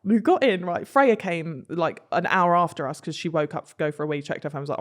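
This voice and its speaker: A woman's voice: lowish voice, fairly quick. A young woman, a podcast guest, tells a story casually, swearing freely and laughing mid-sentence.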